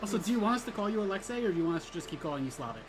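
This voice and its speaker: A woman's voice: mid-range voice, very animated, very fast. A woman co-hosting a game stream, chatting in a teasing, laid-back way. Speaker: streamer co-host. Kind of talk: casual game-stream chat.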